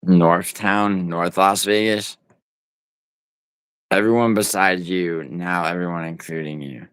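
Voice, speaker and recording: A man's voice: low voice, steady tone, slow pace, fairly bright tone, smooth, no echo. A man livestreaming from home, rambling and teasing his viewers in profane, casual banter as he reads the chat. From United States.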